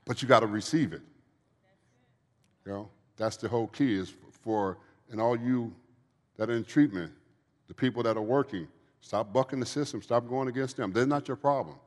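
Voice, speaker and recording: A man with a mid-range voice talks at normal speed, giving earnest and preachy testimony about his recovery at a church Q&A, often repeating phrases. He's a guest speaker in a church event hall, and the recording has a large hall's long reverb.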